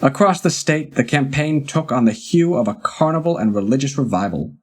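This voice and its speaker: Male reader with a husky voice, mid pitch, steady and deliberate in his reading. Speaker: reader of a historical article. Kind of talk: reading a magazine article aloud.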